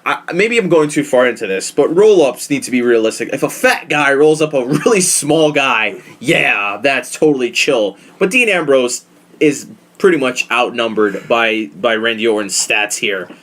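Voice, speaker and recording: A man hosting a casual podcast, talking in a profane, animated, opinionated way. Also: mid-range voice, normal speed. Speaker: podcast host. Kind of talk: casual wrestling podcast chat.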